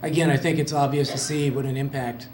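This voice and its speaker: A man hosting a school ceremony, announcing in a measured, formal way. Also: medium pitch, fairly even intonation, darkish tone. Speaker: event emcee. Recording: echoey room with faint noise.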